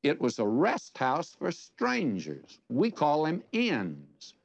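Lively older man preaching, lo-fi. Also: fairly high pitch, slow, vocal fry, no echo. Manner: folksy storytelling with rhetorical questions. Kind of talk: sermon. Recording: dull lo-fi sermon recording.

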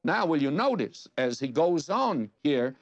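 Lively older man preaching, lo-fi. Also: on the high side, measured pace, dry recording. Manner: folksy storytelling with rhetorical questions. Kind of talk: sermon. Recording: dull lo-fi sermon recording.

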